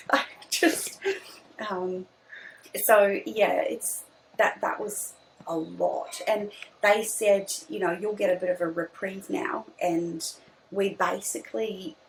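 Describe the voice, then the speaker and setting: A woman's voice: mid-range voice, gravelly, a little hiss or hum, poor audio. A young woman, telling her birth story in casual chat, hesitant with many restarts. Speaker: podcast guest.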